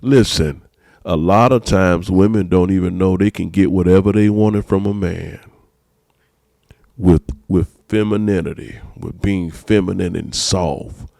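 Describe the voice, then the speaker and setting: A man's voice: deep voice, a little slow, vocal fry, a little mellow, dry recording, studio quality. A man, a pastor hosting a podcast, preaching emphatically in casual talk and repeating his phrases.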